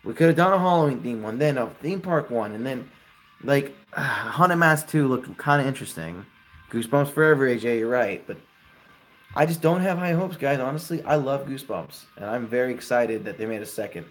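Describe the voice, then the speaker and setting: A man's voice: mid-range voice, animated, moderate pace, a bit bright, faint music behind. A young man in his twenties hosting a casual live stream, chatting with viewers and giving friendly advice.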